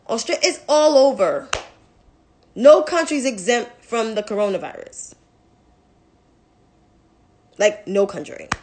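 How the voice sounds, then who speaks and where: Young female vlogger, fairly high voice, casual ranting commentary, curses freely. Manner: blunt, profane, exasperated ranting. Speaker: political commentator.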